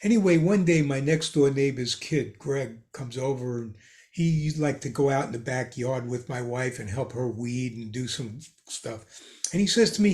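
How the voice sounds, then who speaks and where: An older man, a guest on a hobby podcast, tells casual anecdotes with an animated, chuckling delivery. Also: mid-range voice, normal speed. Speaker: guest ham radio expert. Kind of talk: casual storytelling in a podcast chat.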